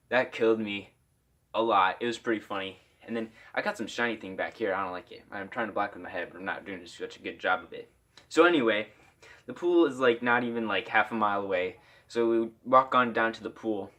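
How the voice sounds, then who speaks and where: A man's voice: lowish voice, brisk, sharp tone. A young man from Iowa telling a casual story-time tale, rambling with lots of "like" fillers.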